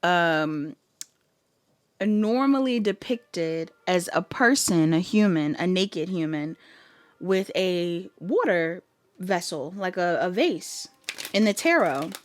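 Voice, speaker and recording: A woman's voice: fairly low pitch, expressive, slow pace. A woman giving a casual pick-a-card tarot reading to her viewers, chatty, laughing easily and thinking aloud as she goes. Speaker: tarot reader.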